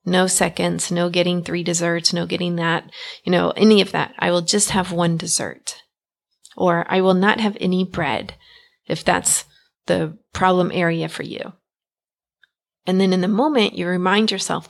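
A woman's voice: lowish voice, fairly even intonation, normal speed, vocal fry. A woman hosting a self-help podcast, talking directly and encouragingly in a conversational way. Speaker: podcast host.

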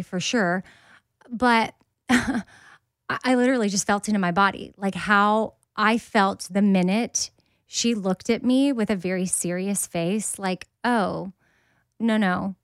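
A woman's voice: medium pitch, no echo, clean studio sound. A woman in her forties, a podcast host, telling a personal story candidly and acting out the voices of others in it. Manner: candid, animated, acts out quoted voices.

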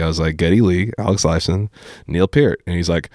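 A young man with a very low voice tells casual stories as a podcast guest. He acts out other people's lines and keeps saying "dude," and the sound is dry and close. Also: a little slow, no echo. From Appalachian Kentucky. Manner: animated storyteller who acts out quotes, says dude a lot. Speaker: podcast guest, former high school teacher. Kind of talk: casual storytelling chat.

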